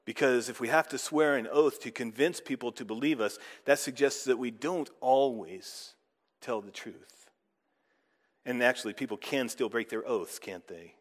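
A man's voice: mid-range voice, normal speed, big-room sound. A man preaching a sermon in a conversational way, often putting questions to the audience.

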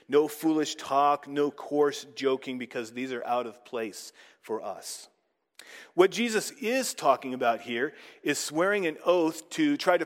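Conversational preacher in a big hall. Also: male voice, fairly high pitch. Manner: conversational, asks the audience questions. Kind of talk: sermon.

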